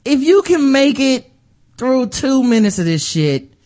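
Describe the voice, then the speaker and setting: Animated, sarcastic male podcast host. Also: very high voice, a little slow. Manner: profane, sarcastic, animated storyteller. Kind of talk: casual chat.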